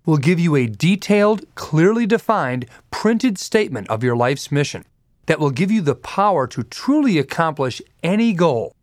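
A man's voice: fairly high pitch, big pitch swings, moderate pace, no room sound, clean studio sound. A man reading a scripted, persuasive promotional message for an audio program. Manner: upbeat, persuasive sales delivery. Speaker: program announcer.

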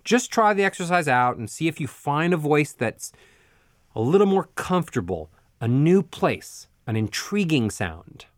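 A man teaching a spoken voice lesson, explaining clearly and giving step-by-step directions in a measured way. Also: on the high side, big pitch swings, dry recording, studio quality. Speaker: voice coach.

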